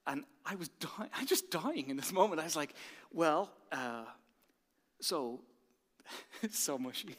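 An Irish pastor delivers an animated sermon, his voice high and bright. He drops to a hush and then rises loud again. The sound carries a long reverb from the large church hall. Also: a little slow. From Ireland. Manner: animated storytelling, swinging from hushed to loud.

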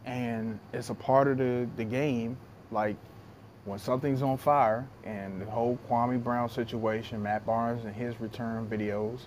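A man co-hosting a casual sports talk podcast, calm and measured. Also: medium pitch, a little hiss or hum. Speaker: podcast co-host.

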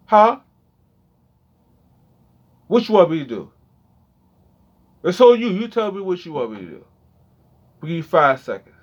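Dull lo-fi audio captures a man in his thirties vlogging straight to his viewers. He's casual, slangy and sweary, rambling along while drifting between low mumbling and loud outbursts.

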